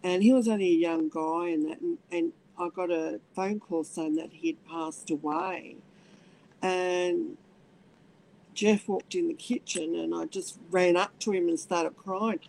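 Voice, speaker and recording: A middle-aged woman, telling her personal story in halting speech with many restarts. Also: fairly low pitch, expressive, creaky, darkish tone, rough recording. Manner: halting, many restarts, acts out voices in quotes. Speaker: interviewee.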